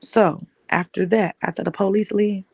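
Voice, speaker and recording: A woman's voice: medium pitch, fairly even intonation, moderate pace, creaky, breathy edge, dry recording. A woman podcast host telling a personal story in an emphatic way, repeating key phrases.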